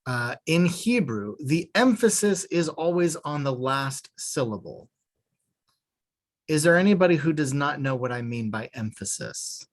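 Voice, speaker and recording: A Hebrew teacher leads a beginner online class, patient and methodical, breaking each point into small steps and slipping in the occasional dry joke. His voice is a little high and animated, and he speaks a little slowly.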